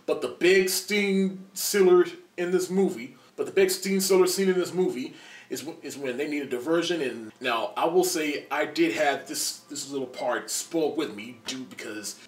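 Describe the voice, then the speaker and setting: A man in his twenties giving a casual spoiler movie review, excited and rambling, with lots of restarts and laughter. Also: fairly high pitch. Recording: roomy echo, distant from the mic.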